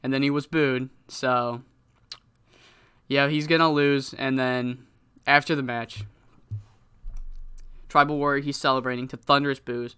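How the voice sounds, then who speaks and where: A man telling the story of a wrestling game playthrough in an animated, profane style, laughing often. His voice is bright and clear. He is crisp and easy to follow. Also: mid-range voice, a little slow, long pauses. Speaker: gamer narrating a wrestling sim. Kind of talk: casual, profane let's-play commentary.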